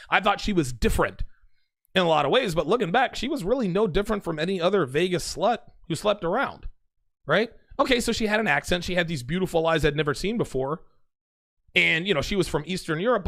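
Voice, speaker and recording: Man telling a story, gravelly, dry close sound, rambling and confessional. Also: high voice, a bit bright, no echo. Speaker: clip speaker telling a dating story. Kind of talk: casual storytelling.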